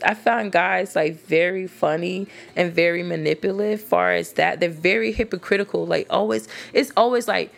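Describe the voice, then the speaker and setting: A woman giving blunt dating advice straight to women listeners in a casual, animated rant, swearing freely. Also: on the low side, normal speed, vocal fry, hardly any pauses.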